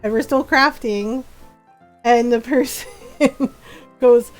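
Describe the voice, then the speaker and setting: Higher-pitched gal streaming a game, laughs a lot, faint music behind. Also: female voice, takes it slowly. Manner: chatty storyteller, laughs often, acts out quotes. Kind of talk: casual live-stream chat while gaming.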